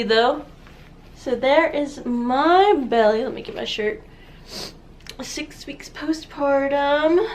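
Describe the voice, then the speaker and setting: A young woman in her twenties filming a casual personal vlog at home, speaking softly and rambling, with many fillers and tearful laughs. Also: sits high. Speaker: vlogger, new mother. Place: at home, holding her baby. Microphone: camera viewfinder.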